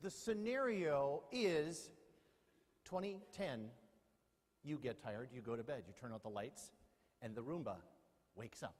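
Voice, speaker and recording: A man's voice: mid-range voice, lively intonation, a little slow, pauses often. A middle-aged man giving a humorous keynote talk, joking and quizzing his audience with questions. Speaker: keynote speaker. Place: large lecture hall. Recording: long hall reverb.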